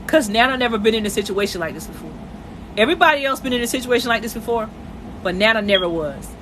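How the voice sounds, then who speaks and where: Woman, live streaming from bed at home, bright tone, emotional and chatty, faint noise behind. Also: a little high, expressive, fast. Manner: emotional, conversational, addresses viewers directly. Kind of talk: casual live-stream monologue. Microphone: phone.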